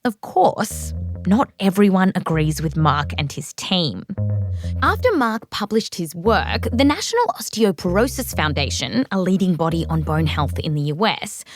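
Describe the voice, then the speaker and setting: A woman's voice: lowish voice, big pitch swings, moderate pace, faint music behind. A woman with an Australian accent hosting a science podcast, narrating from a script and interviewing with a playful, jokey manner. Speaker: podcast host.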